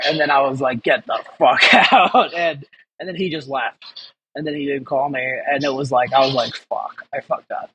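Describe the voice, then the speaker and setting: A man's voice: on the high side, a bit bright, a little hiss or hum, rough recording. A man, a chef, chatting casually as an interview guest, rambling and swearing, laughing often. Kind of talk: casual chat.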